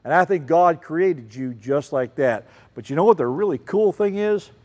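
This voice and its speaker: Man, children's speaker, high lively voice, big reverberant hall. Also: moderate pace. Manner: animated, calls out questions to the crowd. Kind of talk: lively talk to a group of kids. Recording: long reverb, large hall.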